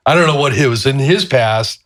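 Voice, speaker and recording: A man co-hosting a faith-based podcast about fatherhood, telling stories in a casual, animated way. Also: mid-range voice, fairly quick, dry recording, clean studio sound. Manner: animated storyteller, acts out quotes loudly. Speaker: podcast co-host. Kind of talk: casual chat with storytelling.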